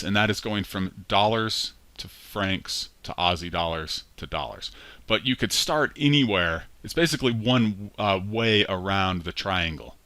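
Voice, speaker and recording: This spreadsheet tutorial, recorded from the screen with a dry sound, is led by a man whose voice sits low yet sounds bright and forceful. He explains the steps out loud in a relaxed manner, fixing his own slips as he goes.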